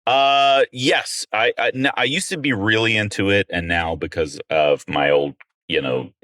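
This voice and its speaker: A middle-aged man, a comedian guest on a podcast, telling stories in an animated, self-mocking way. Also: lowish voice, unhurried, no room sound, studio quality. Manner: animated, self-mocking storyteller who acts out quotes and laughs often. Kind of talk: casual storytelling chat.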